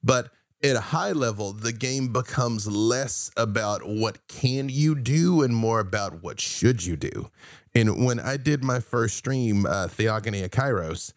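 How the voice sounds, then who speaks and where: On a casual podcast interview, a male guest animatedly tells tabletop game stories, acting out his players' lines. His mid-range voice moves at a measured pace, and the sound is clean, dry, and studio-quality.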